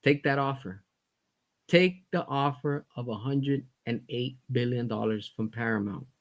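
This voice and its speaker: A man's voice: medium pitch, measured pace. A man hosting his own commentary stream, ranting in a heated, blunt way. He swears, repeats himself for emphasis and sounds fed up. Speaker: commentary host. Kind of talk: heated opinion rant.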